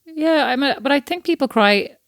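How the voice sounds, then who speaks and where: A woman's voice: high voice, no room sound, studio quality. Chatty woman co-hosting a podcast. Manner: chatty, animated storytelling with quick asides. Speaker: podcast co-host. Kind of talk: casual chat.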